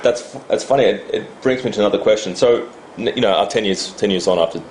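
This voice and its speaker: Quick deep-voiced male interviewer. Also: darkish tone, a little hiss or hum, rough recording. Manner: brisk, leading questions with short agreeing replies. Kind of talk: interview questions.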